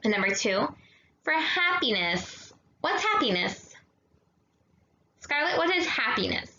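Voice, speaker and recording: A young woman teaching a grammar lesson to kids, talking slowly and patiently, checking in with "okay?" and mixing in Spanish words. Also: high-pitched, sing-song, sharp tone. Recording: echoey dull room sound.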